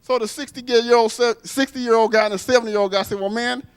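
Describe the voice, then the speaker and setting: A man's voice: very high voice, steady tone, a little fast, smooth. A man hosting a comedy show, telling a joke then introducing the first comedian on a club stage.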